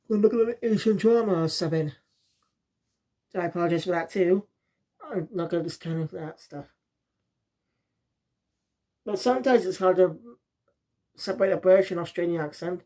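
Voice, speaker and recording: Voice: mid-range voice, moderate pace, pauses often, mellow. A reviewer from South Wales, talking in a rambling, casual way and often losing the thread.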